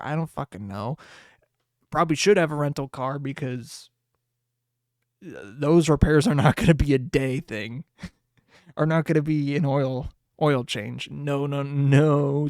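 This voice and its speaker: A man hosting a casual solo podcast, rambling, swearing and laughing often, with sudden jumps in pitch. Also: no room sound, studio quality. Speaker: podcast host.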